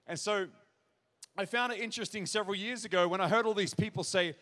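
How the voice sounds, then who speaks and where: A man preaches in a church auditorium, his voice sitting high for a man. He talks straight to the crowd with earnest conviction and pushes into emphatic questions. His words ring out with a long reverberant tail. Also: quick pace, a bit bright. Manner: earnest, direct address to audience, builds to emphatic questions. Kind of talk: sermon.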